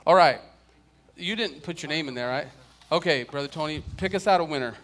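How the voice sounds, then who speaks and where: A man's voice: a little high, a little fast, fairly bright tone. A man teaching a casual church Bible class, chatting and joking with his students.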